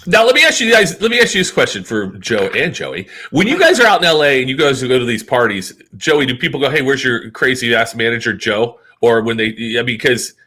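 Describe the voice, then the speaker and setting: A man co-hosting a casual chat, an announcer telling expressive stories. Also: medium pitch, a little fast, hardly any pauses. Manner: lively, expressive storyteller. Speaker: co-host, drag racing announcer.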